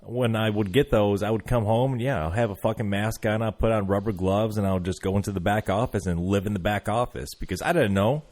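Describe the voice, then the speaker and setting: Low-voiced man hosting a podcast. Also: a little fast, few pauses, darkish tone. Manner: blunt, swears freely. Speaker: podcast host. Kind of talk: casual podcast chat.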